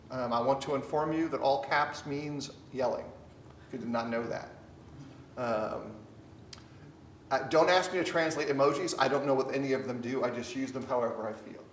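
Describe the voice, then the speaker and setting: A man leading a conversational Bible study, earnest and animated, sometimes acting out the voices he quotes. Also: medium pitch. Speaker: Bible teacher. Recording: echoey room, distant mic, faint noise.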